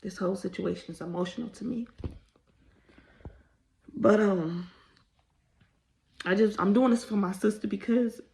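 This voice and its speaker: Tearful gravelly-voiced woman vlogger. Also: medium pitch. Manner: emotional, rambling, apologetic. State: fighting back tears. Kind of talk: casual storytime.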